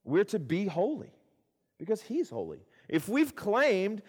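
A husky, high-voiced male pastor preaches a little slowly, his pitch swinging hugely. He speaks conversationally, making asides to the congregation and repeating phrases for emphasis as he moves between loud and hushed. Long hall reverb fills the recording.

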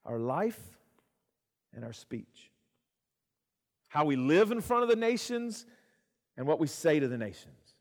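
A man's voice: a little high, big pitch swings, a little slow, long pauses. Pastor guy preaching, chatty, talks to the crowd, long church echo. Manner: conversational preaching with asides to the congregation; repeats phrases for emphasis, swings from loud to hushed. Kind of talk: sermon. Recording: long hall reverb.

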